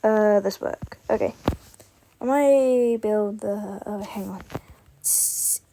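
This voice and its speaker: A woman's voice: mid-range voice, slow pace, mellow, a little hiss or hum. A young woman vlogger chatting casually while playing a building game, rambling with lots of fillers. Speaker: gaming vlogger.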